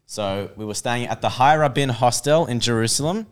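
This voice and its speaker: A young Australian man telling a story on a podcast, animated and laughing as he goes. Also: mid-range voice, moderate pace, clear, resonant tone. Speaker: podcast guest. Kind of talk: casual storytelling.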